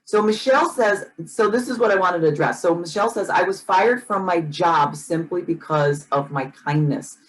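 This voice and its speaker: A woman co-hosting a casual chat show, relaxed, reading out listener comments. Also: on the low side, normal speed, few pauses, a little hiss or hum, poor audio. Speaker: podcast co-host.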